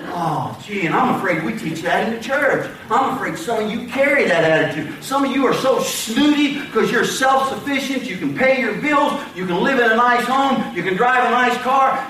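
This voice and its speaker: A man preaching a sermon as a pastor, dramatic, rising to shouted pleas and dropping to hushed tones, recorded from a distance in an echoey church. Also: very high voice, a little hiss or hum. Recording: echoey hall heard from a distance.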